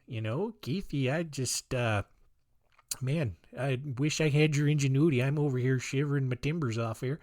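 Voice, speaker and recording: A man's voice: medium pitch, moderate pace, a little mellow, dry recording, clean studio sound, natural voice. A man putting on a folksy, overly polite Canadian man in a mock Canadian accent, chummy and drawn out, tacking on "eh". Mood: mock-friendly.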